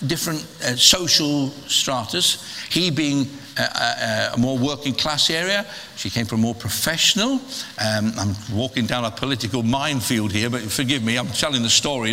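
A middle-aged man preaching a sermon in a lively, humorous way, with stammered restarts. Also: mid-range voice, a little hiss or hum. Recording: long hall reverb.

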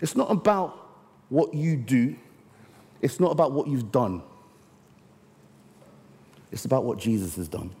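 Animated male preacher in a reverberant hall. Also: mid-range voice. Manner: animated, slows down to stress key words. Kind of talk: storytelling sermon. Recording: long reverb of a large hall.

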